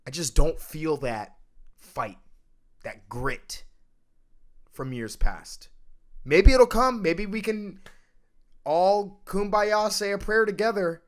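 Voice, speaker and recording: Ranting, animated male podcast host. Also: takes it slowly, long pauses. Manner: emphatic, ranting, swings between loud outbursts and low mutters. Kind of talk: casual sports podcast chat.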